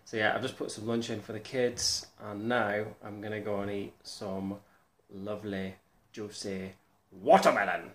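A man's voice: fairly low pitch, level tone, measured pace, fairly bright tone. A man rambling through a personal video diary in a chatty way, with many ums, recorded at home. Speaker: vlogger.

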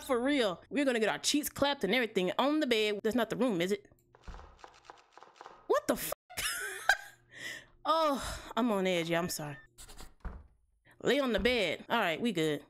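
Woman gamer, animated high-ish voice, jumpy, swears, chatty. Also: moderate pace, a little hiss or hum. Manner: jumpy, loud reactions, frequent swearing; chatty asides to viewers. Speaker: gaming streamer. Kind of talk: horror game let's play commentary.

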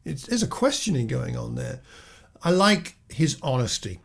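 A man's voice: mid-range voice, very animated, normal speed, creaky, fairly bright tone. Earnest man teaching from the Bible. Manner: earnest, with frequent restarts and rhetorical questions. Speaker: preacher.

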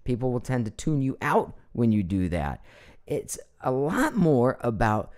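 Lively male voice coach. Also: mid-range voice, a little slow. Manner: animated, demonstrates voices while explaining. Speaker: voice coach presenting his online course. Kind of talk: live online teaching talk.

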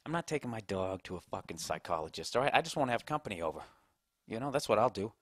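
A man's voice: fairly low pitch, lively intonation, quick pace, a bit bright, no echo, studio quality. A man hosting a podcast, rambling through a profane comedic story and talking to his dog. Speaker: podcast host. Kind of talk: casual comedic monologue.

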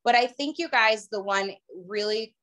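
A woman's voice: a little high, normal speed, fairly bright tone. A middle-aged woman telling her personal story to a group, chatty and emotional. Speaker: guest speaker.

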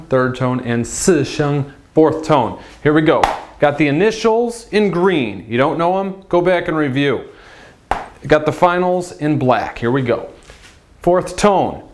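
A young man teaching a whiteboard lesson, patiently repeating words and swinging his pitch widely to demonstrate sounds. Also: expressive, slow pace. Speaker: language teacher.

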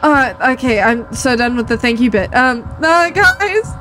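A woman's voice: fairly high pitch, normal speed, a bit bright, soft background music. A woman doing playthrough commentary on a game. She reacts emotionally and swears heavily. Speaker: gaming YouTuber.

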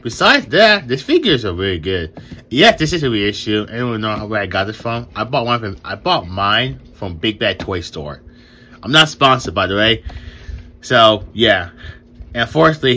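A young man hosting a casual toy review vlog, excited, stumbling over his words and laughing often, recorded on a new phone camera. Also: lowish voice, a little hiss or hum. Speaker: toy reviewer and channel host.

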